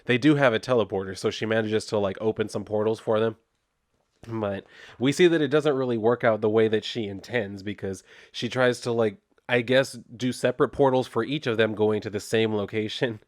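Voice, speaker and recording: A man's voice: on the low side, dry recording, studio quality. Laid-back man rambling through a comic review. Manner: chatty, laid-back, heavy use of "like", loose retelling. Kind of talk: casual spoken review.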